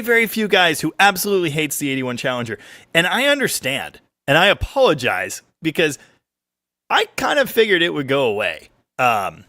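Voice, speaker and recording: Gravelly car guy rambling through his live chat, bright voice, dry close sound. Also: a little high, normal speed, no room sound. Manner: rambling, joking, lively ups and downs. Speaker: livestream host. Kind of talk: casual live-stream chat reading viewer comments.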